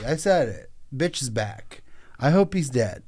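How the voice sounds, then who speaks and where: A man co-hosting a casual comedy podcast at a middle pitch. He talks crude and provocative, pushing edgy jokes and bursting out loud. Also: big pitch swings, a little slow. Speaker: podcast co-host.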